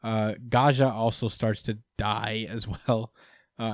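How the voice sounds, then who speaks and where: A man's voice: lowish voice, moderate pace, dry recording, studio quality. A man hosting a casual podcast, recapping with lots of fillers and acted-out quotes. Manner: rambling recap, many fillers, acts out quotes. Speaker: podcast host.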